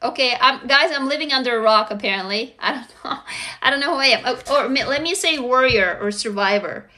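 High bright-voiced lady hosting a live stream, reading comments, cheering folks on, swearing a lot. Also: a little fast. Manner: upbeat, reads out viewer comments, swears freely. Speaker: live stream host leading a writing exercise. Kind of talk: casual live stream coaching.

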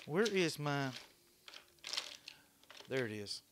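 High, bright-voiced excitable man. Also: a little fast, a little hiss or hum. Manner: excitable, chatty, swears casually. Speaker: livestream host. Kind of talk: casual livestream chat while woodturning. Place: workshop.

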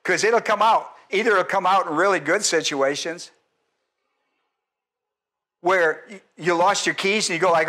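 A male pastor preaching an expository sermon, animated and quizzing his congregation, sometimes dropping to a soft low voice for emphasis. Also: moderate pace, pauses often.

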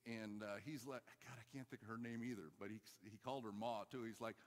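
A man preaching a sermon, telling a story and urging his church, moving between loud calls and quiet asides. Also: fairly low pitch, steady tone, fast, in a large hall. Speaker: pastor. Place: church hall.

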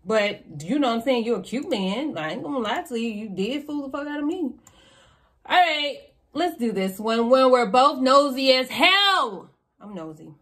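Loud, cussing woman reacting to clips. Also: high-pitched, big pitch swings, normal speed. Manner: loud, profane, incredulous. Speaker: reaction video host. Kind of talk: casual reaction commentary.

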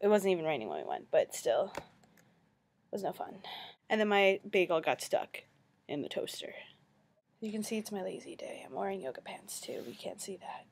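A woman's voice: fairly low pitch, big pitch swings, normal speed, creaky, pauses often. A young woman telling a matter-of-fact story in a casual vlog. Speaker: vlogger.

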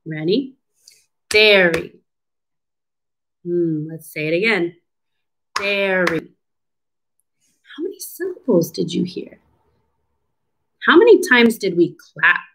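Woman speech therapist reading a storybook to kids, very slow, lively melodic pitch, encouraging. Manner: slow, encouraging, asks the listener questions. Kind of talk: children's storybook read-aloud lesson.

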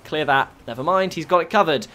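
A young man giving chatty, excitable live commentary over his own gameplay. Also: on the high side, brisk. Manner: excitable, chatty, bursts into shouts and laughs. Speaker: gaming YouTuber.

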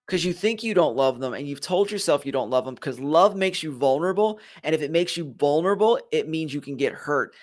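Philly guy doing a motivational live stream, earnest and punchy, voice sits a bit high. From Philadelphia, USA. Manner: earnest, emphatic, talks straight to viewers. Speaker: host of a leadership live stream.

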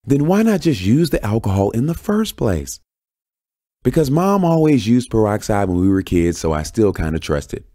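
A man voicing a fierce, bossy woman who scolds loudly in a raised, high voice. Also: very animated, normal speed, no echo, studio quality. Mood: scolding.

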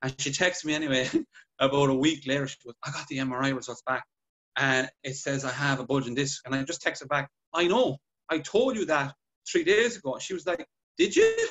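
A man chatting on a podcast, telling patient stories with lively acted-out dialogue. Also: medium pitch, a little fast. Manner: animated storytelling, acts out patient dialogue. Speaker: podcast guest clinician. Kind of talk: casual podcast chat.

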